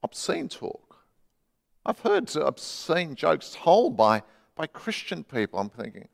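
A middle-aged man preaching a sermon, conversational, dropping from loud to hushed for emphasis. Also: on the high side, wildly swooping pitch, slow pace, vocal fry, long reverb tail. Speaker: pastor. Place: church.

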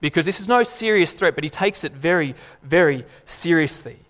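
Animated preacher in a reverberant hall. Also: male voice, on the high side, fairly quick. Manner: animated, emphatic, laughs and acts out voices. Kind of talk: sermon.

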